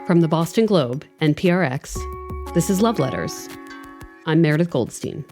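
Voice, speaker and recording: A woman's voice: deep voice, expressive, moderate pace, music in the background. A woman in her forties hosting a podcast, narrating a scripted story in a wry, conversational way. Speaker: podcast host.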